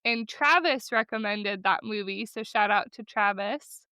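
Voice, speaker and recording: A woman's voice: medium pitch, unhurried, bright, forceful tone, clear, resonant tone, no room sound. A woman co-hosting a podcast in casual chat, chatty and enthusiastic, laughing easily. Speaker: podcast co-host.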